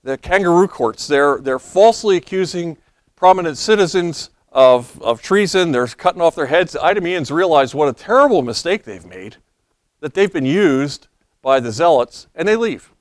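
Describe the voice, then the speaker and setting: A hoarse man preaching, his voice pitched a little high for a man. He tells history like a story and reads passages aloud. The sound is dry and close, with no room echo. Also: expressive, normal speed. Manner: storytelling lecture, reading quotes aloud. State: losing his voice, coughing. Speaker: pastor. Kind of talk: sermon.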